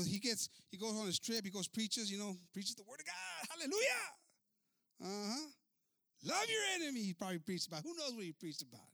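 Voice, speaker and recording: A man preaching a sermon as a story, animated, moving between English and Spanish. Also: high-pitched, no room sound.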